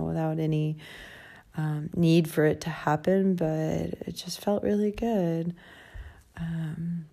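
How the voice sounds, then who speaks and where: A woman's voice: deep voice, gravelly, warm tone. A young woman talking candidly in a personal travel vlog, emotional and tearful, laughing through tears and swearing casually. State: crying. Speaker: travel vlogger.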